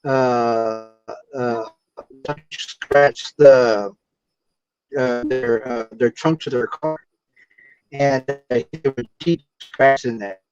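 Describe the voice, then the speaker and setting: A man from Texas telling a story in a halting way, full of fillers and restarts, over a video call. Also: medium pitch, fairly even intonation, darkish tone, clean tone, no echo, soft background music. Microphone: computer or phone mic on a video call. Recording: dull lo-fi video call audio.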